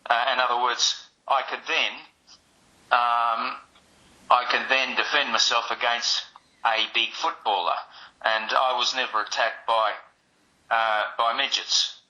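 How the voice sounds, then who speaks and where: A martial arts instructor, a man, calmly explaining points as a podcast guest, with measured pacing and dry humour. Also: medium pitch, poor audio.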